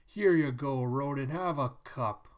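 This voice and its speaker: A man voicing a crowd of poor but cheerful townsfolk while reading a manga aloud, loud and folksy. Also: mid-range voice, unhurried, close to an everyday voice. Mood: jolly.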